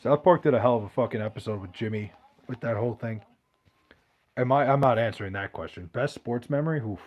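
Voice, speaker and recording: A man's voice: mid-range voice, brisk, highs cut off. A man hosting a podcast, reading out chat questions in loose, profane, joking banter. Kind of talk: casual chat.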